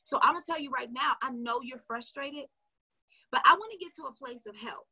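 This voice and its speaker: Animated high-voiced woman sales coach. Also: a little fast, husky. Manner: animated, acts out dialogue, addresses viewers directly. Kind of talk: storytelling lesson to viewers.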